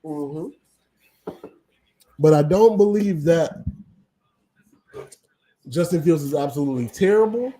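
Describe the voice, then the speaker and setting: Male livestream host, slightly high, soft-toned voice, opinionated and rambling. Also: animated, takes it slowly, pauses often. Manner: opinionated, rambling, frequent ums. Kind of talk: casual draft commentary.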